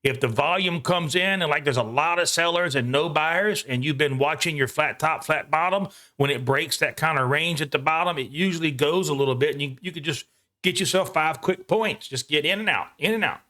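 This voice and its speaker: Excitable man narrating his live trades. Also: on the high side. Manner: excitable, talks fast to himself while trading, swears casually. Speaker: day trader hosting a live trading stream. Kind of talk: live trading commentary. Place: home.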